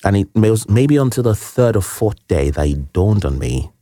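A man with a very low, dark, mellow voice recounts a personal story as an interview guest. He speaks earnestly and reflectively, often restarting his phrases. The recording is close and dry. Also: sing-song, normal speed, no room sound. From Nigeria.

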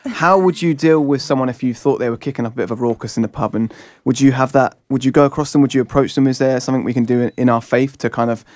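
Quick-talking radio host. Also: male voice, medium pitch, darkish tone, no echo. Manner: attentive, prompting questions. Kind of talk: casual radio chat.

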